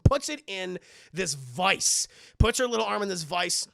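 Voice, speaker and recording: A man's voice: high voice, very animated, unhurried, gravelly, fairly bright tone, no room sound. A man recapping a movie plot casually, rambling, stammering and swearing as he goes, on a close dry mic. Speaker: movie reviewer streamer.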